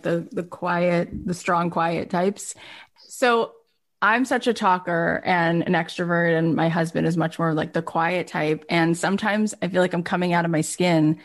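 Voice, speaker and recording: A woman hosts a podcast interview with a somewhat low voice. She is effusive and quick to affirm and praise her guest. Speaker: podcast host.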